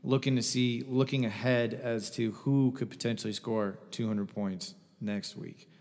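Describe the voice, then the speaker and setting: A man's voice: mid-range voice, steady tone, measured pace, darkish tone. Ranting man in a reverberant room. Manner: profane ranting, exasperated. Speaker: podcast co-host. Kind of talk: casual fantasy football podcast chat.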